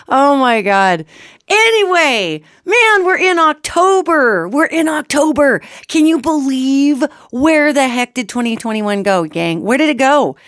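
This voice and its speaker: A middle-aged woman hosting a solo talk show on metaphysics, hoarse from a cold, chatty and animated as she addresses her listeners. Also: high-pitched, slow pace, dry recording, clean studio sound. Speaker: radio show host.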